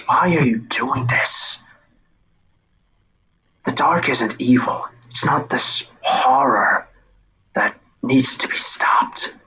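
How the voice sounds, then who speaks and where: A man voicing a weary tentacled ogre herald of the dark in a whispered role-play, slow and dismissive. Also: mid-range voice, slightly rough, full character voice, rough recording. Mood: coaxing.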